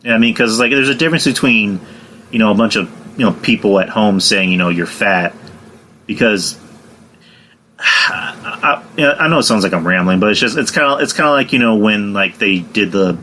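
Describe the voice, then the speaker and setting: A man's voice: lowish voice, moderate pace, bright, forceful tone, a little hiss or hum. A man hosting a casual wrestling podcast, rambling with lots of fillers and laughing often. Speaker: podcast host.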